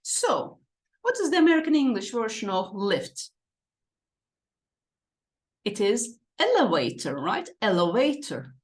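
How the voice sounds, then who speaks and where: Slow, lively-voiced woman teacher. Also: on the high side. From Turkey. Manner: slow, drawn-out, repeating words for students. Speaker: English teacher. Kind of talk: online lesson walkthrough.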